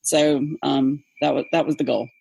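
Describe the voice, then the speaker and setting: A woman with a Southern accent, an English teacher chatting in an interview, talkative and quick to laugh. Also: extremely low pitch, steady tone, creaky, dark tone, no room sound. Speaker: English teacher, podcast co-host guest. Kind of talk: casual interview chat.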